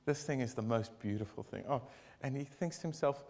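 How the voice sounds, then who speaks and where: A man leading a group devotion, telling a long joke in a casual, rambling, animated way with many asides. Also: mid-range voice, brisk.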